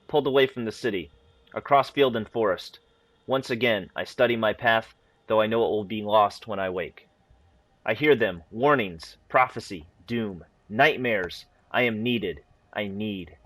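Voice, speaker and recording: A gaming channel host reads in-game story files aloud in a steady, measured manner, slipping in a few casual asides. He has a lowish voice, and there's no echo.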